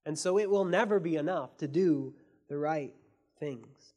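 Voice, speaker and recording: A man preaching a sermon as pastor, earnest, asking his listeners questions and swinging between soft and emphatic delivery. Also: fairly high pitch, measured pace. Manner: asks the audience many questions.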